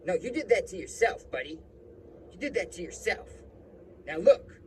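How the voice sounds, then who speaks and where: A man voicing an abusive, foul-mouthed male police officer who shouts and sneers. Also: sits high, sing-song, normal speed, slight background noise, pitched above the performer's own voice. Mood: defensive. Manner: shouting, crude, bullying.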